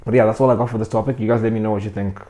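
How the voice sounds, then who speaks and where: A man's voice: on the low side, steady tone, racing, mellow. A young man hosting a casual, earnest faith talk to his viewers, talking conversationally and acting out the voices he quotes. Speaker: host.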